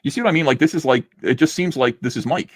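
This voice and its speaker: A man's voice: mid-range voice, quick pace, dry recording. A man hosting a comic book review, chatting casually with sarcastic jokes and laughter, acting out the panels as he reads. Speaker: host reviewing comic books. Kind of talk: casual review chat, reading aloud.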